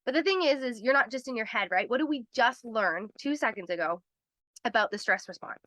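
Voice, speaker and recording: A woman's voice: fairly high pitch, lively intonation, a little fast, a bit bright, no room sound. A woman hosting a live health webinar, explaining in a chatty way, laughing often and acting out little voices as she goes.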